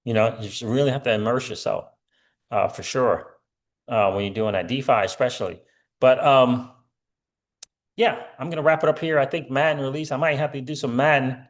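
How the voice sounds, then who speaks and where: A man's voice: mid-range voice, normal speed. A middle-aged man hosting a casual crypto livestream, rambling with lots of fillers and answering viewer comments.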